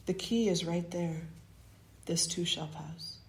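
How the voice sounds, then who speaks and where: A woman spiritual teacher telling a parable and preaching in an earnest, measured manner. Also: fairly low pitch, fairly even intonation, vocal fry. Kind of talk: storytelling sermon. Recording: roomy echo.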